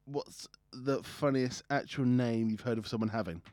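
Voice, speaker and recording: A man's voice: mid-range voice, normal speed, a little mellow, no room sound, studio quality. A man hosting a casual podcast, putting questions to his co-host and laughing often as he tells stories. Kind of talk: casual chat. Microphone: studio microphone.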